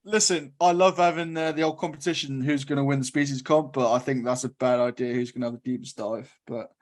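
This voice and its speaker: A man co-hosting a podcast, chatty and quick to laugh. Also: mid-range voice, fairly even intonation. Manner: laughing, matey. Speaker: podcast co-host. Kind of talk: casual chat.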